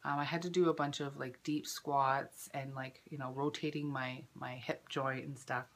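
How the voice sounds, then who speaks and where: A young woman in her twenties vlogging casually, chatty and full of fillers, emotional at times, clearing her throat from a lingering cough. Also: rumbling low, flat delivery, moderate pace, slight background noise. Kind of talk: casual personal vlog.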